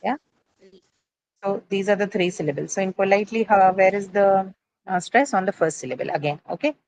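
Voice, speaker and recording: A woman teaches an English class about syllables and word stress, speaking in a classroom. She keeps checking in with her students with "right?" and fills pauses with "uh". Her voice sits at a middle pitch. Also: darkish tone, low-quality recording.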